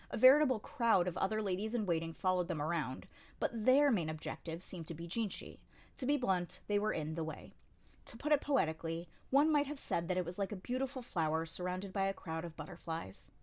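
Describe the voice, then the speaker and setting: A woman narrating a light novel as an amateur audiobook reader, in a dry, wry storytelling manner. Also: fairly low pitch. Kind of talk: scripted narration.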